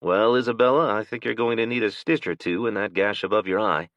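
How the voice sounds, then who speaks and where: A man's voice: fairly low pitch, steady tone, a little fast, fairly bright tone, dry recording, voice pushed up, lightly acted. A man voicing a protective father who takes charge with urgent, commanding speech. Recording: dull, dry lo-fi recording.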